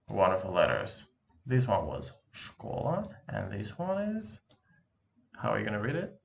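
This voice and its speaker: A patient male language teacher talks slowly and encourages his students. His voice is lowish with a gravelly edge, and his pitch rises and falls a lot. He draws words out carefully as he demonstrates them. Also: fairly bright tone, slight background noise. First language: Russian. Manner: slow, drawn-out demonstration pronunciations. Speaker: Russian teacher. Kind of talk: language lesson.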